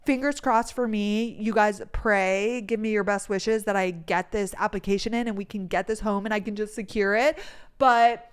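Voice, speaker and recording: A woman's voice: mid-range voice, fairly even intonation, normal speed, clear, resonant tone. A woman, hosting a podcast in heated, chatty storytelling full of "like". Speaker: podcast host. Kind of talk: casual chat.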